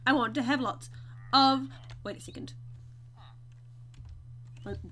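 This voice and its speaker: A woman's voice: sits high, slow pace, bright, forceful tone. A woman giving let's play commentary on her survival game, melodramatic, breaking into squeals and mock wailing. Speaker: gaming YouTuber.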